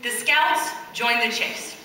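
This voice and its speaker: A woman reading a picture book aloud to children in a church, pausing to ask them questions. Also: on the high side, a little hiss or hum. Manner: animated, questions the children as she reads. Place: church, large indoor space. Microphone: far camcorder. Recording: echoey church hall from far off.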